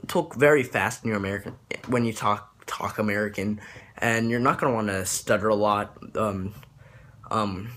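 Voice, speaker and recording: A man's voice: mid-range voice, fairly bright tone, slight background noise. A young man talking casually about accents, rambling and hesitant with many fillers and restarts. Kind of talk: casual accent tutorial vlog.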